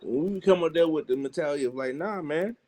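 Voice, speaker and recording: A man with a Southern US accent, a wrestler guest telling a road-trip story in an animated way and acting out other people's lines. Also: a little high, quick pace. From Southern United States. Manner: lively, acts out other people's lines, heavy slang.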